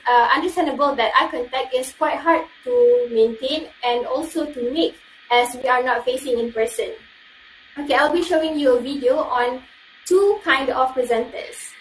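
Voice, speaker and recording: A woman's voice: high voice, far from the mic, a little hiss or hum. Young Malaysian woman, echoey and off-mic. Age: young adult. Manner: chatty, addresses audience, many okays. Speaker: student presenter. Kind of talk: online class presentation.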